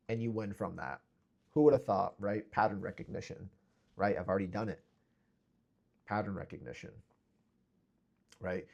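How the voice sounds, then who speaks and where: A man's voice: on the low side, normal speed, gravelly, pauses often, darkish tone. A young man delivering an intense motivational monologue to camera, preachy and repetitive, mocking imagined people in sarcastic voices. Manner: intense, preachy, repeats phrases for emphasis. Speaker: fitness vlogger.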